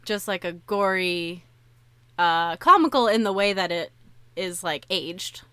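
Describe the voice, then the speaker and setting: A woman co-hosting a movie podcast, rambling anxiously with plenty of fillers. Her voice sits a little low. The recording is dry and close. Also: expressive, unhurried, fairly bright tone, smooth, dry recording. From United States. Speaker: podcast co-host. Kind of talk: casual chat.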